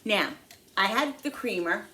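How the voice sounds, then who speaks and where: A woman talking casually to the camera in her home kitchen, chatty and quick to vent when annoyed. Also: mid-range voice, background noise. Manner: chatty, animated, prone to exasperated venting. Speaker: home cooking vlogger.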